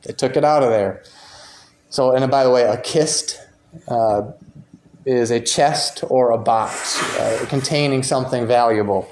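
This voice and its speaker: A man's voice: medium pitch, a little slow, a little mellow, a little hiss or hum. Man teaching a church class. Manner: informal, reads quotations aloud and comments on them. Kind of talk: conversational Bible class lecture. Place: church meeting room. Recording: roomy echo.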